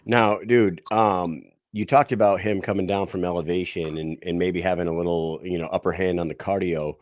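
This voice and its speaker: Co-host, male, low and dry, loose and swearing. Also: fairly even intonation, darkish tone, no room sound. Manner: loose, swearing, drawn-out phrasing. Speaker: podcast co-host. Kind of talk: casual interview.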